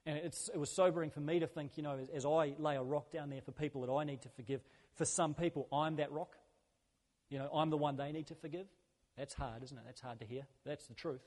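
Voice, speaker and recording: Man, pastor, earnest conversational sermon, higher voice, long church-hall reverb. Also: fairly even intonation, a little fast, a little mellow. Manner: earnest, conversational preaching with repeated phrases.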